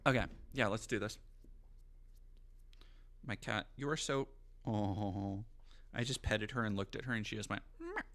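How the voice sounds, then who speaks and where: A man's voice: on the low side, measured pace, pauses often. A man streaming casually, riffing and swearing in a jokey way and reading text aloud with mock drama. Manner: animated, profane, jokey riffing. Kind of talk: casual livestream commentary.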